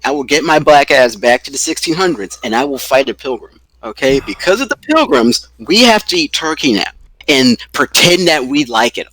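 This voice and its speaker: A man's voice: medium pitch, expressive, normal speed, a bit bright, no room sound, poor audio. A man co-hosting a podcast, chatting casually and ranting with profanity and emphasis. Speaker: podcast co-host. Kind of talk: casual chat.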